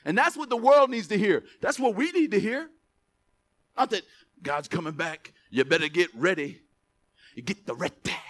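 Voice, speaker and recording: Animated high-pitched male preacher. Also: normal speed. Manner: animated, stretches scripture words for emphasis, drops to asides. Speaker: pastor. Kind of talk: sermon.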